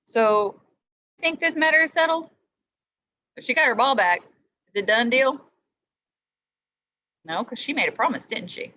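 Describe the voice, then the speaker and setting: Animated teacher reading to children, voice rising and falling; slightly muffled sound. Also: female voice, on the high side, measured pace, long pauses. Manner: lively, asks the listener questions. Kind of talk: reading a story aloud to children.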